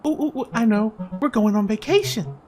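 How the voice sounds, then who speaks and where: A woman puts on an eager, chatty six-year-old girl in a game, pitched well above her own voice. She is bubbly and excited, and her pitch bounces around a lot. Faint music sits underneath. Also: brisk, natural voice. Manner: excited, bubbly, broken grammar when reading. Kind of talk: voice-acting a game.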